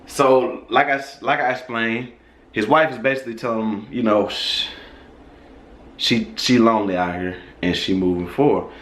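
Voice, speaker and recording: A man's voice: mid-range voice, fairly even intonation, normal speed, a bit bright, roomy sound. A man casually telling a personal story in a loose, profane, conversational way.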